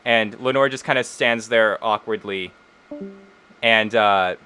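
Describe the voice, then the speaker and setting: A man's voice: on the low side, slow pace, sharp tone, clean tone, soft background music. A man running a tabletop fantasy game, narrating the scene in a loose, conversational way. He drops plenty of uhs and kindas as he describes the party's surroundings and the characters they meet. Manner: casual, with many fillers like uh and kinda. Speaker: game master.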